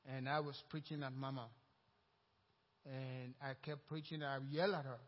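A man's voice: medium pitch, normal speed, dull audio. Nigerian man preaching in a reverberant hall. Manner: storytelling, acting out quoted dialogue, growing louder and more excited. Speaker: pastor. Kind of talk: sermon.

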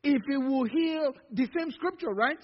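A man's voice: extremely high pitch, a little slow. A male pastor preaching a sermon with call-and-response, stretching out words for emphasis. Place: church sanctuary. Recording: dull lo-fi sound in a reverberant church hall.

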